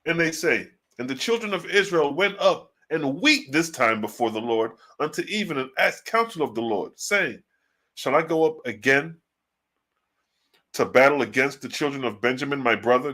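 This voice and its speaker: A man's voice: a little high, pushed and bright. A man giving a casual, slang-filled livestream commentary on scripture, asking rhetorical questions and reading passages aloud. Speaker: online religious teacher.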